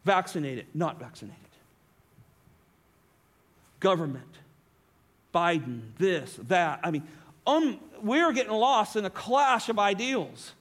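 A man preaching a sermon as pastor, swinging between emphatic lines and hushed asides. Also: sits high, expressive, measured pace.

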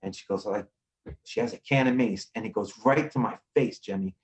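A man from Queens, a podcast guest telling rough street stories in a swaggering, profane way over a video call. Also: fairly low pitch, a little fast, low-quality recording. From Queens, New York. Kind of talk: casual storytelling.

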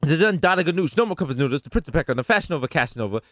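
A man co-hosting a podcast, rattling off boastful nicknames in rapid-fire riffs with swearing. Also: on the high side, expressive, fairly bright tone, a little hiss or hum. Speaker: podcast co-host. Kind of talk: hype intro of nicknames.

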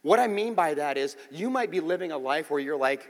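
A male pastor preaches with a high voice that swoops constantly between ups and downs. He keeps it loose and joking, checking in with the congregation as he goes. His voice rings out with long reverb, as in a large church hall. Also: brisk, few pauses. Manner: lively, joking, conversational preaching with frequent "okay?" check-ins. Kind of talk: sermon. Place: church sanctuary.

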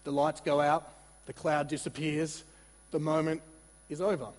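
A man preaching a sermon in a conversational, animated way, with asides and repeated words. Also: fairly high pitch, moderate pace, long reverb tail. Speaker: pastor.

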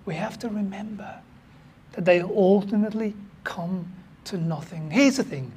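A pastor from the United Kingdom, preaching a sermon in an excitable, animated way with sudden jumps in pitch and loudness. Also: normal speed, a little hiss or hum.

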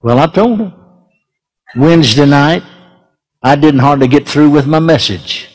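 A man's voice: a little high, a little slow, a little mellow. An older man preaching a sermon, telling a story in a folksy way with chuckles and repeated words. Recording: echoey hall reverb.

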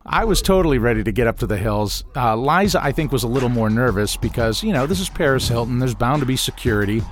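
A man telling a personal story in a casual, animated way, mimicking the voices of people he quotes and chuckling now and then. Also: medium pitch, fast talker, soft background music.

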